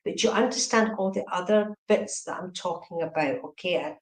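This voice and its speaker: A woman giving fast, chatty psychic readings on a live stream, often checking in with okay and right. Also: fairly low pitch, echoey room, poor audio. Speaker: medium.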